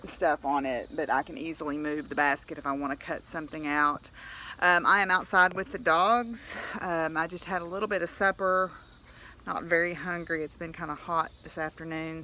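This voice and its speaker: Woman, diary-style vlogger, slightly low voice, bright and open, rambling. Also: a little hiss or hum. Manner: rambling and candid, with soft laughs and many fillers. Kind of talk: casual diary vlog.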